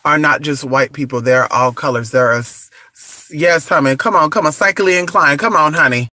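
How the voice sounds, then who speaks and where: A man's voice: a little high, brisk, pushed and bright, no echo. A man from California ranting on a casual livestream, brash and profane, talking back to his viewers. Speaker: livestreaming vlogger. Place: indoors, not at home. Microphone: phone.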